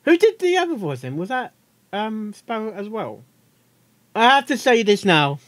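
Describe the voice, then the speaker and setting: A man's voice: high-pitched, big pitch swings, moderate pace, fairly bright tone, no echo. A man hosting a casual reaction video, chatty and giggly, often tripping over his words.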